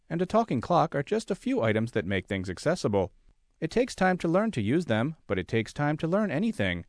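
A man's voice: mid-range voice, darkish tone, no echo, clean studio sound. A man reading a magazine article aloud, speaking every caption and bracketed note as written. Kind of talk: read-aloud article narration.

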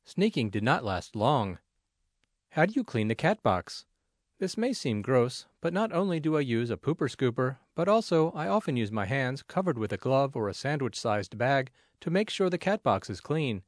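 A man reads his own essay aloud, measured and plainspoken. His pitch rises and falls freely from phrase to phrase, and the recording is dry and close with almost no room sound. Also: sing-song, no room sound. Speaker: narrator. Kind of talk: reading a personal essay aloud.

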